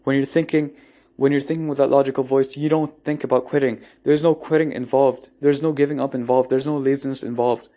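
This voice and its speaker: A man's voice: medium pitch, steady tone, a little fast, dark tone. A man giving an unscripted motivational monologue, earnest and blunt, often restarting and repeating phrases, with casual swearing. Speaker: motivational speaker.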